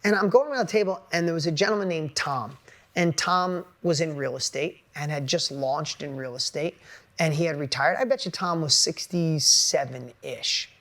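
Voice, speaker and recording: A man giving a blunt, energetic motivational talk to an audience as a business coach, casual and swearing freely. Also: on the high side, normal speed.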